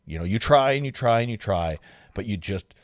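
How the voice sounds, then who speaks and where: Male livestream host, relaxed and chatty, low voice, dry close sound. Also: fairly quick, no room sound. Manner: relaxed, chatty, many fillers. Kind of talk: casual livestream interview.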